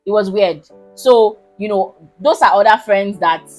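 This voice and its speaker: A woman in her twenties with a Nigerian accent, telling a personal story to her viewers in a casual, animated, emphatic way. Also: mid-range voice, a little slow, faint music behind, poor audio. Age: 20s. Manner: animated, emphatic, keeps asking listeners if they understand. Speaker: vlogger.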